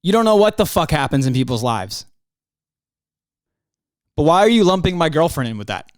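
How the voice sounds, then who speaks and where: A young man hosts his own show alone and rants hotly, swearing often. His voice sits fairly high for a man. The sound is dry and close, with no room around it. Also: big pitch swings, normal speed, dry recording. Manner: profane, heated, ranting. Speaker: podcast host. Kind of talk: angry solo podcast rant.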